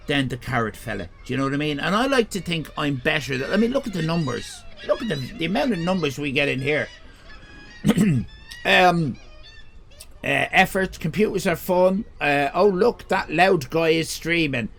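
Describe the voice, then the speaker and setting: A man's voice: a little high, lively intonation, normal speed, creaky, fairly bright tone. An Irish man streaming live, chatting casually, rambling, joking crudely and reading chat messages aloud. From Ireland.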